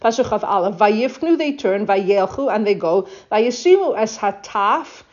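A woman teaching a Bible text, reading each Hebrew verse and then explaining it in English with animated retelling. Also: medium pitch, measured pace. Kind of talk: text study lesson, translating verse by verse. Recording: dull lo-fi recording.

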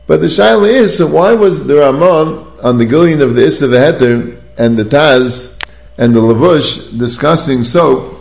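A man delivers a Talmudic study lecture in a somewhat high, gravelly voice, reasoning aloud through sources and posing questions as he goes. The recording carries a roomy echo. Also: lively intonation, moderate pace. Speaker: rabbinic lecturer.

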